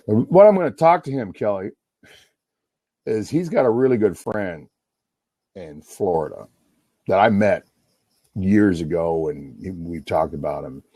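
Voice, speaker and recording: A man's voice: sits low, animated, unhurried, pauses often, dark tone, husky, no room sound. A middle-aged man rambling and swearing in a casual livestream monologue, talking over himself. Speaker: livestream host on a phone call.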